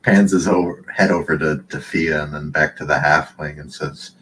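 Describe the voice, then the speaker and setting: A man with a very low voice plays a tabletop role-playing game, describing his character's moves in a hesitant way full of fillers. A faint hum of noise sits behind him. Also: steady tone, moderate pace, few pauses, a bit bright, rough recording. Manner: hesitant, laughing, filler-heavy. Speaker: player.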